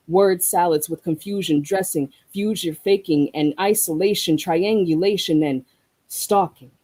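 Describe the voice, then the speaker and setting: A guest poet with a mid-range, mellow voice performs spoken-word verse with deliberate, rhythmic delivery. Between pieces the voice turns to easygoing reflective conversation in the same warm tone. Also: medium pitch, poor audio.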